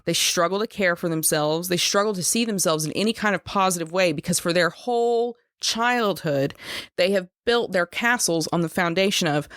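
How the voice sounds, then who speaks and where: A woman's voice: lowish voice, normal speed, a bit bright, no room sound, clean studio sound. A woman hosting a solo podcast, explaining earnestly and talking straight to her listeners. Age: adult over 25. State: choked up at moments. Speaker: podcast host.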